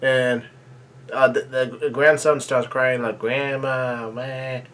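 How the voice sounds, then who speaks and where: A man of ordinary pitch reads pages aloud and reacts to them live. He stumbles and pads his reading with fillers, then breaks into excited exclamations. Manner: halting, filler-heavy reading with excited outbursts. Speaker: manga reaction channel host.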